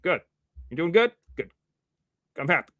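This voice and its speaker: A man with a fairly high voice hosts his own livestream news show, drifting from story to story and arguing straight at his critics. His words come through a little muffled from the face mask he wears. The sound is dry and close, with no room echo. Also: big pitch swings, normal speed, a bit bright. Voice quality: slightly muffled from wearing a mask. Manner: rambling, combative, talks to chat and critics directly. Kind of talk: casual livestream commentary.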